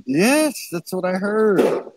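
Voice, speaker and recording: A man's voice: sits high, very animated, slow pace, a little mellow, rough recording. A man hosting a casual livestream chat over a video call, talking in a rambling way and laughing often. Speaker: host.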